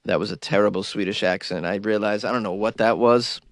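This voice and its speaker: A man's voice: fairly low pitch, steady tone, brisk, no room sound, clean studio sound. A man with a cold reading news items aloud and mocking them in wry comic commentary. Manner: wry, mocking asides between read-outs. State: has a cold. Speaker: host.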